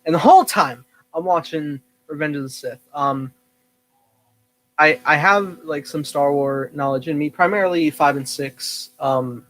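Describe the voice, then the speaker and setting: A young man co-hosting a podcast, telling a story excitedly, with many fillers and laughs. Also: a little high, unhurried, low-quality recording. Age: young adult. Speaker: podcast co-host. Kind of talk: casual chat.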